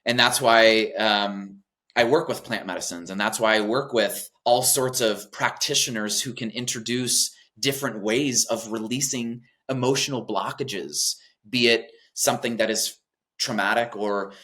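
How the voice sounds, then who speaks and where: A man with a fairly low voice talks earnestly and gently as an interview guest. He searches for his words, with frequent ums and restarts, and keeps an unhurried, sincere tone throughout. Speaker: death doula guest. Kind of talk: reflective interview talk.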